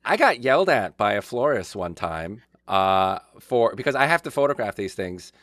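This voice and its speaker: A man's voice: lowish voice, big pitch swings, moderate pace, a bit bright, dry recording, studio quality. A man who co-hosts a podcast and works as a wedding photographer, telling a story in casual chat with many restarts.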